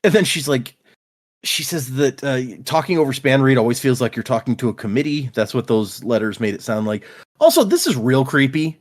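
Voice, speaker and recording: A man's voice: medium pitch, brisk. A man co-hosting a casual book discussion podcast, animatedly retelling scenes and paraphrasing characters. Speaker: podcast co-host.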